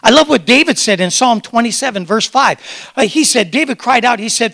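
A man who is a pastor, preaching an animated sermon and calling on his congregation to respond. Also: very high voice, brisk, gravelly. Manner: animated, excitable preaching with audience call-and-response.

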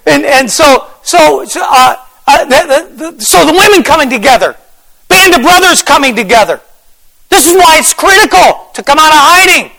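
High, gravelly fervent male preacher. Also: expressive, moderate pace, low-quality recording. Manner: fervent, repetitive preaching with rising shouts. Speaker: pastor. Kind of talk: sermon.

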